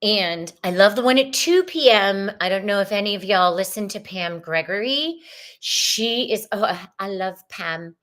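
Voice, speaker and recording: A woman's voice: expressive, unhurried, fairly bright tone. Bubbly Southern woman hosting spiritual talk. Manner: bubbly and effusive, with laughs and swings in pitch. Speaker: host. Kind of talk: casual spiritual livestream talk.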